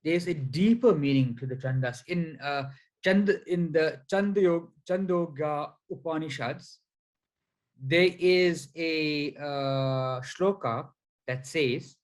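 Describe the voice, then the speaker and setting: A man giving a spiritual lecture over slides, explaining slowly and deliberately with frequent fillers. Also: fairly high pitch, rough recording. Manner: counts syllables aloud one by one. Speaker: spiritual teacher.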